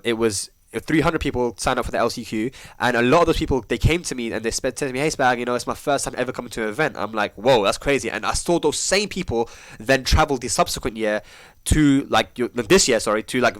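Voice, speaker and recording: Brief: man, podcast host, quick and slangy, swears freely, dry close sound, middle pitch. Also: no room sound. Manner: animated, slangy, swears freely, restarts words. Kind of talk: casual chat.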